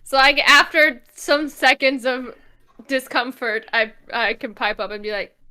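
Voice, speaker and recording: A woman playing a tabletop game, describing her actions in a soft, hesitant, wry way. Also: high voice, unhurried, clear, resonant tone. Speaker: player. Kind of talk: tabletop role-play.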